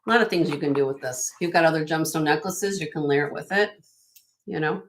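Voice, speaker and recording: A woman's voice: low-pitched, fairly quick. A woman hosting a live online jewelry auction, chatting upbeat with viewers and laughing often. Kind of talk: live-stream auction chat.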